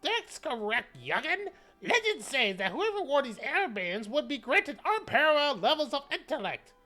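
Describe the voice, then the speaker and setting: A woman's voice: high-pitched, very animated, moderate pace, sharp tone, faint music behind, pitched above the performer's own voice, full character voice. Cranky old curator, as a woman puts him on. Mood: lecturing. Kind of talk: reading a video game aloud.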